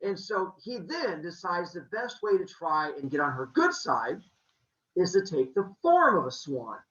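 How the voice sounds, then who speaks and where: A man hosting a podcast, telling a myth in a playful, animated way with jokey asides. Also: sits high, a little slow. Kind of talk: comic storytelling. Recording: roomy, slightly muffled.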